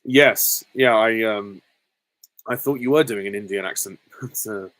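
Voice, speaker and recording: A man's voice: fairly low pitch, unhurried, fairly bright tone, dry recording, poor audio. A man hosting a live stream, reading out viewer questions and answering them in a candid, chatty way.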